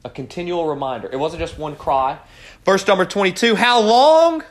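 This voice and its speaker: A man leading a morning Bible study, preaching with lots of rhetorical questions and swinging from quiet asides to loud cries. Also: a little high, brisk. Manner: animated, fires rhetorical questions at the group.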